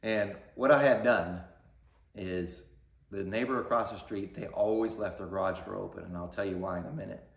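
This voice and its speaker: A man with a lowish voice tells a story straight to camera in a loose, rambling way, full of ums and side remarks. The sound is roomy, with a clear echo off the walls. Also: steady tone, moderate pace. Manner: conversational, rambling with fillers and asides. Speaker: YouTube channel host.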